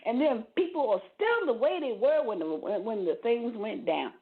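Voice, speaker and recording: A woman talks with a very lively, swooping pitch and often stumbles over her first words. She comes through a thin, tinny phone line. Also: moderate pace, creaky. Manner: animated, repeats words as she starts. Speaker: podcast co-host. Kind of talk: casual conversation.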